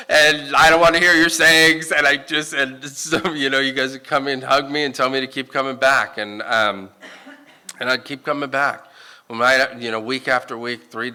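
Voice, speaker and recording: A middle-aged man telling his personal recovery story to a meeting room, halting and full of restarts, breaking into self-mocking laughs. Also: mid-range voice, bright, forceful tone, clear, resonant tone.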